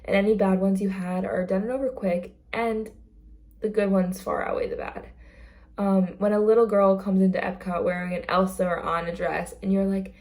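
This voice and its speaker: A woman's voice: mid-range voice, fairly even intonation, normal speed, darkish tone. A young woman chatting casually in a vlog about her work as a theme park greeter, earnest and full of fillers. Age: young adult.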